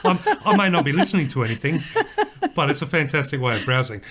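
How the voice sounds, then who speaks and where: A man's voice: fairly high pitch, animated, fast talker, a bit bright. An Australian man co-hosting a podcast, chatting casually and rambling with fillers and restarts. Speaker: podcast co-host. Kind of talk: casual chat.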